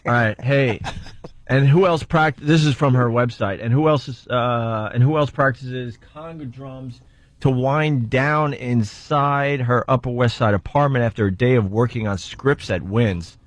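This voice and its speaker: A man's voice: mid-range voice, measured pace, no echo. A man hosting a radio talk show, wry and steering the segment in casual banter. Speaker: radio host.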